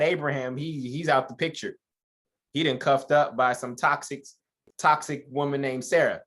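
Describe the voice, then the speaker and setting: A man's voice: medium pitch, moderate pace, fairly bright tone. A man leading an informal Bible study who reads verses aloud and comments on them in a joking, conversational way, addressing listeners as y'all.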